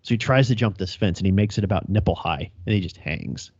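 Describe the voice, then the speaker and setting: Man, low voice, cop storyteller, crude and laughing, dry lo-fi sound. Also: quick pace, darkish tone, breathy edge, dry recording. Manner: profane, laughing storyteller acting out radio calls. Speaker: podcast co-host, police officer. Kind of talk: casual storytelling chat.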